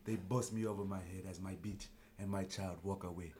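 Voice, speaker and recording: A man voicing a captured tribesman who speaks broken English, low and grim at first, then shouting. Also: fairly even intonation, fairly quick, slight background noise, natural voice. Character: captured tribesman, grim and defiant, heavily accented.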